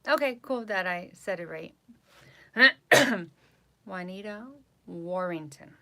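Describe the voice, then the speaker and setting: A woman's voice: mid-range voice, expressive, slow, creaky, sharp tone. A woman with a New York accent chatting casually with viewers on her live stream as a psychic host, repeating herself and reading names aloud.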